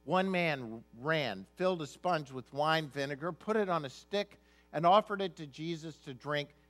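A man's voice: fairly high pitch, moderate pace, a bit bright, soft background music. A male pastor preaching a sermon, reading scripture aloud and then explaining it in an emphatic, conversational way.

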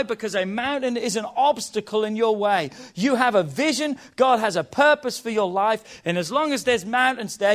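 A man preaching a sermon as pastor, swinging between loud emphatic peaks and hushed low endings and calling on the congregation to respond. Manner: impassioned, calls for congregation response.

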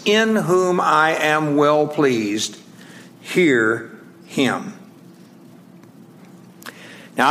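A man preaching a sermon in a conversational, halting way, with frequent pauses and restarts, slowing down to stress scripture phrases. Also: mid-range voice, a bit bright.

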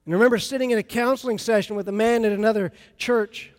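A man's voice: sits high, steady tone, fast. A man preaching a sermon as pastor, talking to the congregation in a conversational, storytelling way. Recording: long reverb of a large hall.

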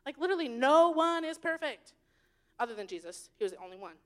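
A young woman giving a youth sermon, bubbly and chatty, swinging between loud bursts and hushed asides. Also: sits high, sing-song, fast. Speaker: youth leader.

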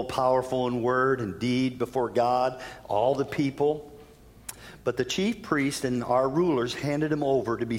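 A male pastor preaching a sermon in a church, telling the story in an animated way and changing his pace for emphasis. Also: medium pitch. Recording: long church reverb.

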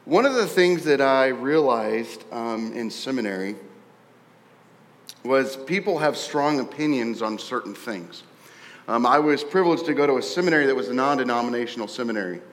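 Male pastor, conversational sermon, animated storytelling, echoey church hall, long reverb. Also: mid-range voice, normal speed. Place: church sanctuary.

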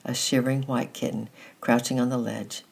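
Husky gravelly voice reading a kids story, steady, trips over a word now and then. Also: medium pitch, normal speed. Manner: steady, with occasional restarts. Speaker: narrator. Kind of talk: storybook narration.

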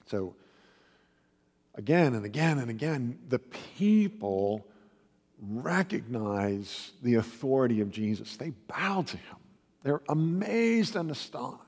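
A man preaching a conversational sermon and retelling stories with animated quoted voices. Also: unhurried, breathy edge. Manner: animated storytelling, raises pitch for quoted voices. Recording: long reverb of a hall.

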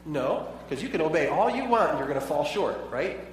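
A man's voice: fairly high pitch, lively intonation, a little fast, a little hiss or hum. A pastor preaching a sermon in a conversational way, asking his listeners many rhetorical questions. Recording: echoey hall, voice from far off.

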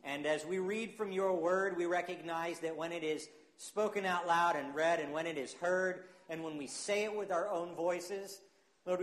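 A male pastor preaches a sermon, reading scripture and praying. His voice sits fairly high, and he talks in an earnest, unhurried way with hesitant fillers. The sound is echoey, as in a church sanctuary.

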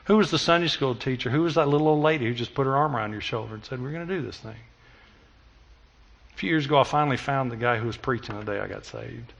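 A middle-aged man preaching a sermon, telling stories and moving between loud emphatic passages and hushed, intimate ones. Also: medium pitch, rapid-fire, vocal fry, few pauses, lo-fi sound, slight background noise. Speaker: pastor.

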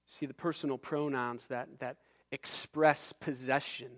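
A man's voice: mid-range voice, fairly even intonation, a little slow. A man preaching a sermon, reading scripture and building intensity through repeated phrases. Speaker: pastor.

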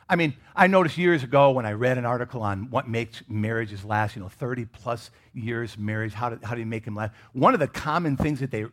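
A middle-aged man from Michigan preaching a sermon as pastor, animated and joking with the congregation in casual asides. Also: medium pitch.

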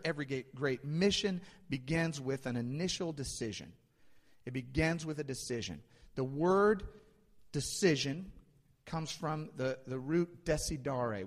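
A male pastor delivering a sermon, swinging between loud emphasis and hushed asides. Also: a little high. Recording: long hall reverb.

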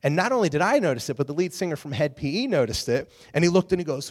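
A man's voice: fairly high pitch, fast. Man preaching in an echoing hall. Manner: animated storyteller, acts out quotes. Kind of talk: casual sermon with storytelling. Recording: long hall reverb.

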